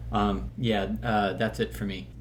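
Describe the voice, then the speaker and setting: A man's voice: lowish voice, flat delivery, unhurried, heavy background noise. A man giving a casual, rambling movie review from a hotel room, stumbling over words and joking along the way. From Southern California. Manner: rambling, stumbling, jokey, slips into impressions.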